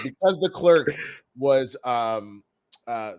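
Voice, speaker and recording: Animated man recapping a TV episode. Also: mid-range voice, normal speed. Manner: animated retelling, swears, acts out scenes. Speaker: TV episode reviewer. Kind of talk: casual podcast review chat.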